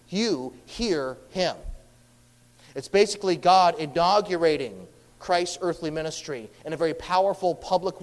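A man preaching a sermon, earnest and emphatic, swinging between raised lines and hushed, quiet ones. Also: fairly high pitch. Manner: earnest, emphatic, lively rises and hushed drops. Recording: long hall reverb.

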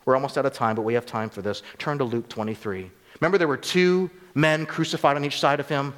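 A man's voice: mid-range voice, fairly even intonation, fast, fairly bright tone. Preaching man in a reverberant hall. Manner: earnest preaching, rising emphatic on rhetorical questions. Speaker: pastor. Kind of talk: sermon.

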